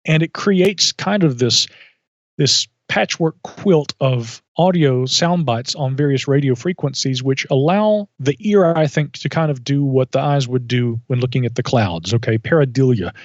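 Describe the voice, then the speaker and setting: Guy telling a story slow and thoughtful on a podcast, kinda muffled audio. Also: medium pitch, animated, no echo. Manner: thoughtful, measured, with asides and self-corrections. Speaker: podcast guest. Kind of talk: reflective storytelling in conversation. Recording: dull lo-fi audio.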